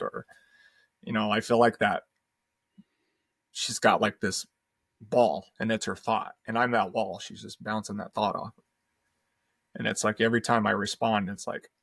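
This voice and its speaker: A man's voice: lowish voice, normal speed, creaky, husky, no room sound, studio quality. A man co-hosting a casual podcast chat, telling stories animatedly and acting out both sides of conversations. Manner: animated storyteller acting out dialogue. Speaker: podcast co-host.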